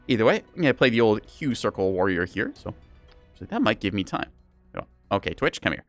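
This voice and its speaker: A man's voice: on the low side, very animated, normal speed, long pauses, faint music behind. A man streaming a game live, chatting casually and playfully with his chat in a rambling, self-mocking way. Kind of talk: casual live gameplay commentary.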